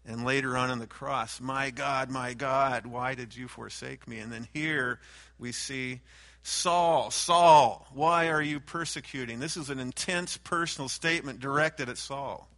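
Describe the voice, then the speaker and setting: Bright-voiced man preaching a sermon. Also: mid-range voice, fairly even intonation, normal speed. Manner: emphatic, raises voice on repeated names. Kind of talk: Bible teaching sermon.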